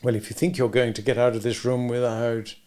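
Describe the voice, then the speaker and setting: A man's voice: medium pitch, flat delivery, a little fast, dark tone, lightly acted. A man voicing a confident, sarcastic male spy with a cool, bantering manner.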